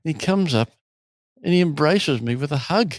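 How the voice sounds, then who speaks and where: A man's voice: a little high, moderate pace, no echo. A man who runs a retreat, telling a long story in an interview and acting out the people in it. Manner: animated storyteller, acts out quotes. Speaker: retreat host.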